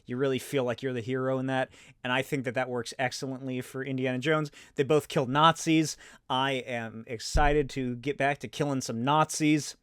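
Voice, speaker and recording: A man's voice: medium pitch, level tone, normal speed, fairly bright tone, smooth, dry recording, clean studio sound. A man in his thirties chatting casually and rambling as host of a solo show, swearing and laughing often. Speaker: podcast host.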